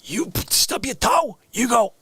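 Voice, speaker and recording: Guy hosting a stream, goofy rambling riff, bright gravelly voice, super dry close mic. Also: very high voice, a little slow, no room sound. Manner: animated, jumps between loud shouts and hushed whispers. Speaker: livestream host.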